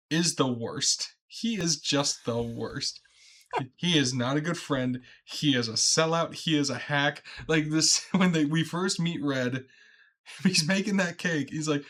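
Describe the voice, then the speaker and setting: A man's voice: on the high side, a bit bright. A young man in a casual podcast chat about a movie, laughing often as he retells scenes. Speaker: podcast co-host.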